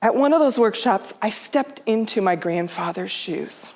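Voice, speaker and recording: A woman's voice: mid-range voice, expressive, normal speed, a little mellow. A middle-aged woman giving a heartfelt storytelling talk on stage, quoting herself and her mother in her own voice. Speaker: speaker. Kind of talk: storytelling talk to a live audience. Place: theater stage.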